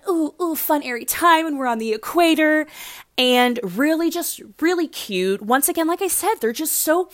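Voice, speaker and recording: A woman's voice: a little high, fairly bright tone, no room sound, studio quality. A young woman casually recapping a dating show, gushing and rambling with lots of "like". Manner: gushing, rambling, heavy use of "like".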